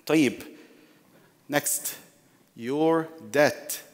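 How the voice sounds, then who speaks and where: A man's voice: a little high, very slow. A man teaching a workshop in a sermon-like way, repeating key phrases for emphasis and addressing his listeners as brothers. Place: large mosque hall. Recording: long hall reverb.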